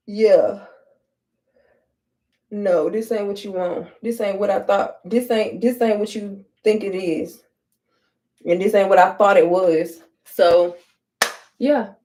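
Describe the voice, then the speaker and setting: A woman's voice: mid-range voice, dark tone. A young adult woman telling a blunt, profane storytime while doing her hair. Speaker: vlogger.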